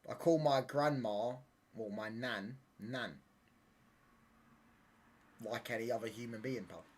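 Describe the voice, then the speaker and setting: A man's voice: medium pitch, slow pace, darkish tone. A young man hosting a live football watchalong stream from home, reading out viewer chat and answering it with bantering, mock-indignant talk. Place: home room.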